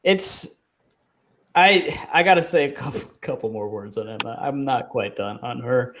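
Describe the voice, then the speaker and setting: Man ranting fast in casual podcast. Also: mid-range voice, fairly bright tone, slight background noise. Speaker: podcast co-host. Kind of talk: casual wrestling chat.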